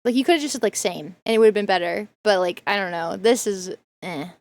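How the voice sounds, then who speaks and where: A woman's voice: mid-range voice, fairly quick, faint music behind. A woman streamer reacting to a video, talking in a casual, rambling way with lots of fillers. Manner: rambling storyteller, many fillers. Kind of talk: casual chat.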